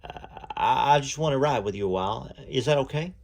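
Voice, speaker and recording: Guy doing a meek southern young singer, stammers a lot, soft and earnest, twangy. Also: medium pitch, animated, fairly quick. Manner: stammering, hesitant, soft-spoken. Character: shy young male singer, gentle and earnest.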